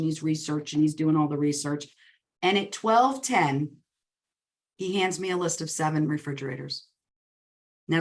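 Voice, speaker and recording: A woman coaching real estate agents in a webinar talk, telling personal stories and acting out the dialogue in them. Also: low-pitched. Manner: lively storyteller who acts out quoted dialogue. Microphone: webinar recording.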